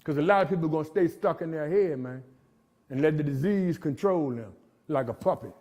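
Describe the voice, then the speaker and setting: Middle-aged guy, high voice, street talk, keeps saying man, recovery story at a jail. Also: animated, brisk, a little mellow. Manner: storytelling, street slang, frequent "man" tags. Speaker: recovery speaker. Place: jail gathering room.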